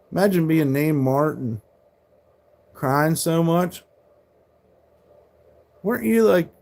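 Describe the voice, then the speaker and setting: Profane, combative man in his forties. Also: on the high side. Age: 40s. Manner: combative, profane, yelling at chat trolls. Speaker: live streamer. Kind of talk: live stream chat with viewers.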